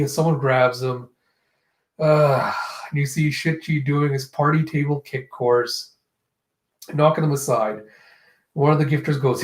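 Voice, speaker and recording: A man's voice: a little high, steady tone, a little slow, reverberant. A man casually reading through a comic chapter, acting out the characters' lines in a raised voice and laughing often. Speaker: manga reaction host. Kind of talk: casual manga reading and reaction.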